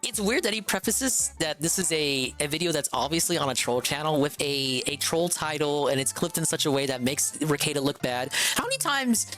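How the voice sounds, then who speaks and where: A man's voice: on the high side, animated, a little fast, hardly any pauses, a bit bright, faint music behind. A man streaming a reaction to a video, talking in a sarcastic, rambling way full of filler words.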